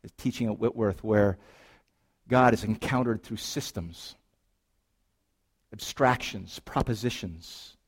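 A man's voice: lowish voice, slow pace, long pauses, breathy edge. A man preaching a sermon as pastor, reading scripture and then riffing on it with playful asides and rhetorical questions to the congregation.

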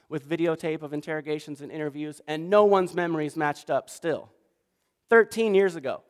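A pastor giving a sermon, telling stories in an animated way and acting out the quoted voices. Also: male voice, high voice. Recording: long reverb of a large hall.

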